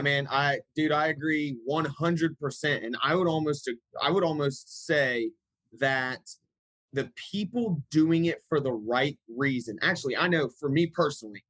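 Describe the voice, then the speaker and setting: A man's voice: fairly high pitch, fairly bright tone, no room sound, rough recording. A man speaking as a podcast guest, casual and emphatic, with a laid-back, buddy-like way of talking. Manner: emphatic and laid-back, calls people dude.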